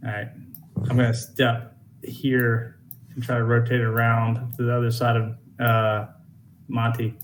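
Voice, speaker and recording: A man's voice: medium pitch, completely flat delivery, unhurried, slight background noise. Man playing a tabletop game. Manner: describes his moves to the game master. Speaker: player.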